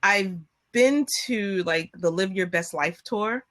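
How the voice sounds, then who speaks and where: A woman telling a long personal story in casual chat on a video call, acting out what people said. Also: slow pace. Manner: animated, acts out quotes with rising pitch. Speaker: guest.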